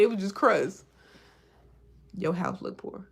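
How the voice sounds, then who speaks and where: A woman's voice: fairly low pitch, slow, gravelly, long pauses, fairly bright tone, husky. A woman in her thirties hosting a casual livestream, chatting and reacting to viewer comments, often laughing. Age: 30s. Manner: laughs often while talking. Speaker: livestream host.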